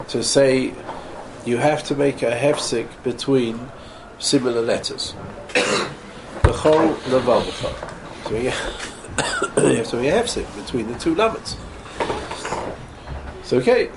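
A man's voice: medium pitch, gravelly. Man teaching a Torah class, noisy room. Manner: explains step by step, repeats words, models careful pronunciation. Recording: noisy ambient room recording.

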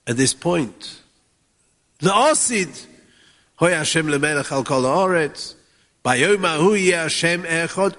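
A man with a Yeshivish English accent teaching Torah, chanting Hebrew verses in a sing-song that swings from hushed to soaring. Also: a little high, in a large hall. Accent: Yeshivish English with Ashkenazi Hebrew pronunciation. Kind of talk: Yiddish-inflected Torah talk.

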